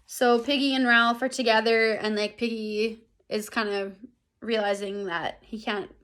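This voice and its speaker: A woman's voice: a little high, fairly even intonation, unhurried, fairly bright tone. A woman English teacher recapping a lesson in a casual, chatty way, full of fillers and tag questions.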